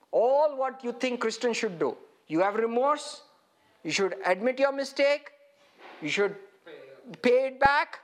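Animated preacher quizzing his listeners. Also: very high voice. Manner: animated, questioning the listeners directly. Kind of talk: interactive sermon teaching.

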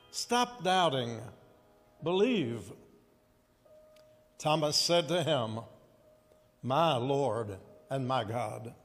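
A pastor preaching a sermon and reading scripture, slow and deliberate, calling on the congregation to answer back. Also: male voice, fairly high pitch, long reverb tail.

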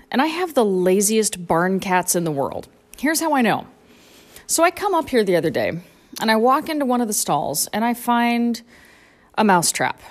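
A woman's voice: fairly high pitch, no room sound. A woman hosting a podcast, delivering a sarcastic, profane comic rant about her life on a small farm. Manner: sarcastic, ranting, swears freely. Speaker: podcast host.

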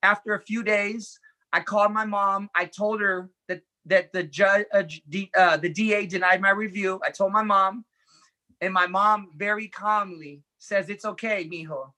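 Male interview guest, bright and edgy in tone, earnest storyteller who acts out quoted dialogue. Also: high voice, flat delivery, normal speed. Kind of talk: personal storytelling in conversation.

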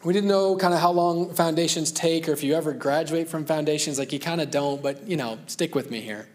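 A man's voice: fairly high pitch, a little fast, a little mellow. A man in his thirties preaching a sermon as pastor, earnest and conversational, with self-deprecating asides.

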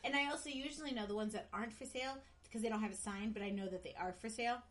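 A middle-aged woman co-hosting a casual podcast, bantering quickly, teasing and laughing often. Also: on the high side. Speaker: podcast co-host. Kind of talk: casual chat.

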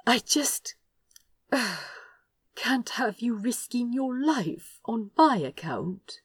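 A woman voicing a fretful, gentle young male prince who fusses anxiously with breathy exclamations. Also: a little high, very animated, drawn-out words, dry recording, pitched above the performer's own voice, heavily acted.

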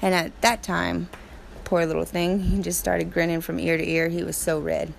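A woman's voice: fairly low pitch, level tone, normal speed, gravelly, slight background noise. A woman hosting a podcast, chatting casually and laughing as she tells a funny story about her family. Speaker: podcast host.

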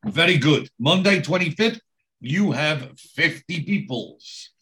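A man doing a slow, broken-English gangmaster. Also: on the high side, lively intonation, pushed and bright, slight background noise, voice pushed up, full character voice. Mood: curt. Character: foreign male gangmaster, menacing, broken English.

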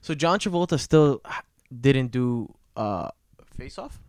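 A young man hosting a casual podcast, talking in a low-energy, laid-back way with lots of swearing. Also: animated, measured pace, darkish tone, clear, resonant tone, no room sound, studio quality. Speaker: podcast host. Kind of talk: casual chat.

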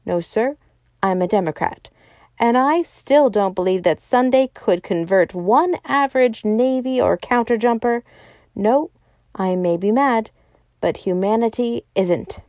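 A hearty, impatient doctor in an audiobook, put on by a woman reader. He talks in brisk, exclamatory bursts, pitched a little high, and his voice is mellow and dry. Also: no echo, muffled recording. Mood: emphatic. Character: jolly, impatient adult male doctor.

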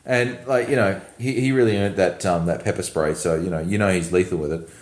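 A man co-hosts a casual film chat, rambling through the plot with fillers and laughter. His voice sits at an ordinary pitch, and the room gives it a noticeable echo. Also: brisk, slight background noise. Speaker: podcast co-host. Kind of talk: casual movie recap chat. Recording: echoey room.

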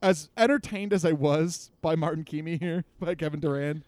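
A young adult man co-hosting a podcast, joking and animated, swearing freely in casual chat. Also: on the high side, moderate pace. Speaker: podcast co-host.

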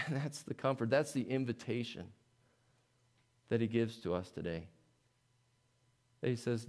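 A male pastor preaching a sermon in an earnest way, swelling into emphatic pleading and then dropping soft. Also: mid-range voice, expressive, unhurried, pauses often.

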